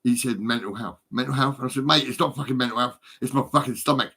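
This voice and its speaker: A man's voice: mid-range voice, quick pace, creaky, pushed and bright, breathy edge. A man rambling in casual chat, swearing often, stammering and repeating his words as he tells stories. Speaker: storyteller talking to a friend.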